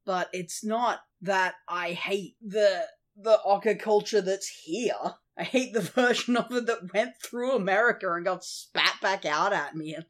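A young Australian woman co-hosting a casual podcast chat, animated and sweary, laughing often. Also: medium pitch, measured pace, few pauses. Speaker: podcast co-host.

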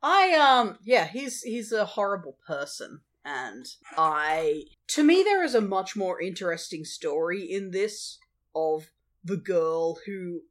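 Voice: mid-range voice, fairly bright tone. Blunt, sweary podcast co-host. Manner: blunt, sweary, laughs often. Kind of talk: casual movie review chat.

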